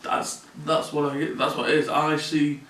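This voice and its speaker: A vlogger records a personal confessional in a room at his mother's home, caught by a distant mic that gives a roomy sound. His voice is slightly high and fairly bright, delivered completely flat at a normal pace. He comes across as earnest and plainspoken and tends to repeat phrases.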